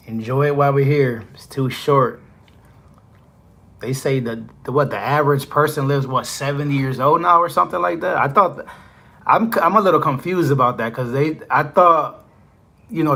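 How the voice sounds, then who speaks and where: A man's voice: medium pitch, pushed and bright. A man who drives trucks chatting casually on a live stream, rambling with lots of fillers. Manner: rambling, filler-heavy, "you know" constantly.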